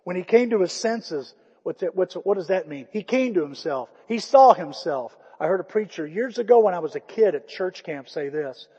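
A man preaching a sermon, retelling a story with lively acted-out dialogue and dropping to a hushed voice for emphasis. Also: sits high, a little fast, few pauses, breathy edge. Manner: storytelling, swings from loud animated retelling to hushed quiet emphasis. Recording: muffled, long-reverb hall recording.

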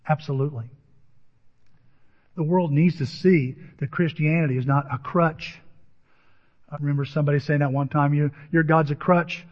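A man preaching a sermon as a pastor, telling stories with lively acted-out voices and crowd noises. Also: fairly high pitch. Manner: animated storytelling, acts out voices and crowd noises. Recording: dull lo-fi audio with long hall reverb.

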